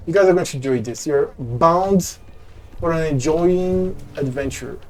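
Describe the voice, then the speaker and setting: Slow-talking, excitable male game streamer. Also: on the high side. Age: adult, former teacher. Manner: excitable, swears often, thinks aloud. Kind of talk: casual live gameplay commentary.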